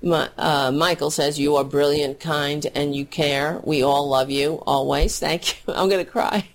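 A woman's voice: sits low, flat delivery, a little slow. A woman hosting a political livestream, talking bluntly and heatedly, and getting emotional as she thanks her viewers. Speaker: political talk show host. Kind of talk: casual livestream commentary.

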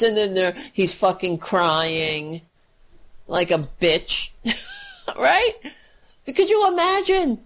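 Slow, profane, ranting woman. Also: fairly high pitch. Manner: angry, profane, sarcastic, mocking voices. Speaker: political commentator. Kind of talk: casual political rant.

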